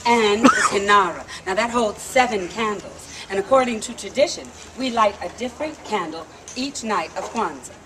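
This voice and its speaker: A woman storyteller giving an animated, playful live performance at an outdoor theme park stage. She leads the audience in call-and-response and laughs often. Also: mid-range voice, moderate pace, few pauses, very noisy.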